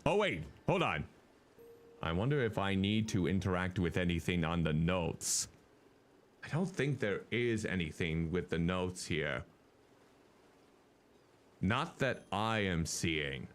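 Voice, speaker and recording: A man's voice: deep voice, expressive, slow pace, pauses often. A male streamer giving chatty, casual commentary while playing a game and thinking aloud.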